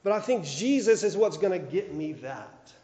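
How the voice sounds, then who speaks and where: Conversational male pastor, high mellow voice. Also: lively intonation, normal speed, roomy sound. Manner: conversational, frequent fillers and restarts. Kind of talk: sermon.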